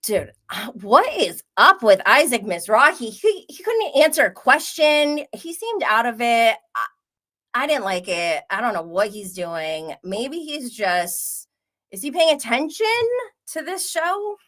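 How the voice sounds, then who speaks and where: A woman's voice: fairly high pitch, a little slow. A woman hosting a live stream, chatting casually and gossiping, reacting to comments with frequent laughs. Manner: animated, gossipy, laughs often, reads chat aloud. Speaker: host.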